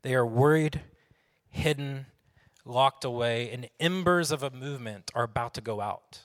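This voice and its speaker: A man's voice: mid-range voice, normal speed. A man, preaching a conversational sermon to his congregation and asking them questions. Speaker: pastor. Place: church sanctuary. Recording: long hall reverb.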